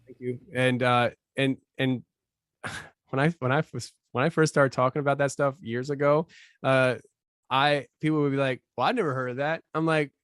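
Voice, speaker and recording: A man chatting as a podcast guest, animated and laughing, his voice jumping high when he gets riled up. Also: moderate pace, clear, resonant tone, no room sound, studio quality. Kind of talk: casual podcast chat.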